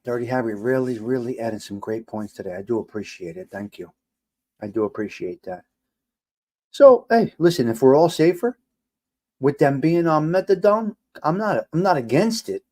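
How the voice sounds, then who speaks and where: An older man hosts a casual live stream. He rants in disbelief, his voice leaping up when something gets to him, then settling back into a calmer, reflective tone. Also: moderate pace. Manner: exasperated, incredulous rants that jump high in pitch. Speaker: livestream host.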